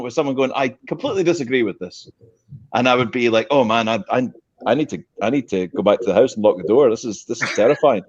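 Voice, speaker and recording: A man, chatting on a panel, telling animated stories and laughing often. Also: mid-range voice, muffled recording. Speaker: panel guest. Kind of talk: casual chat.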